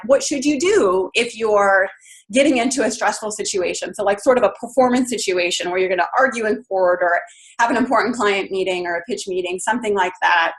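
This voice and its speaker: A woman giving an informal webinar talk, who says "um" and "you know" a lot as she explains. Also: mid-range voice. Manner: casual, many ums and you-knows. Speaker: webinar presenter.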